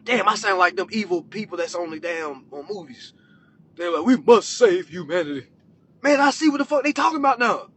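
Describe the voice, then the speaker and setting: High-voiced man in a profane rant. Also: fairly quick, slight background noise. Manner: animated, profane, swings between shouting and muttering. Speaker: social media commentator. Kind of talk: profane comedic rant to camera.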